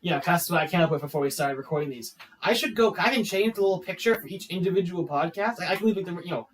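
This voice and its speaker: A man's voice: high-pitched, animated, fast talker, a little hiss or hum. A man co-hosting a casual podcast, explaining things in a rambling, hesitant way. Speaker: podcast co-host. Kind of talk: casual chat. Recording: distant from the mic.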